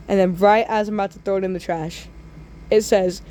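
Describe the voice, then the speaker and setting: A woman telling absurd comic stories in a drawling way, with sudden loud squealing outbursts. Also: mid-range voice, steady tone, a little fast. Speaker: storyteller. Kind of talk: absurd comedic storytime.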